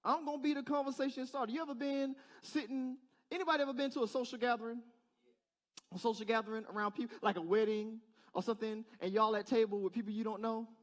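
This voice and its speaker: A man's voice: high voice, steady tone, fast talker. A male pastor giving a conversational sermon in church, asking the congregation rhetorical questions in a casual, direct way. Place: church service.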